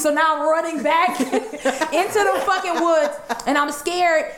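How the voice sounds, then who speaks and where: A woman telling a wild story in a casual chat, animated and laughing, swearing freely. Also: extremely high pitch, moderate pace, reverberant, slight background noise. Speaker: show host.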